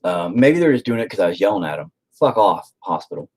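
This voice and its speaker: A man's voice: low voice, big pitch swings, fast talker, a little mellow, husky. A man hosting a casual stream, telling a story to viewers in a rambling way and swearing freely. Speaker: stream host chatting with viewers.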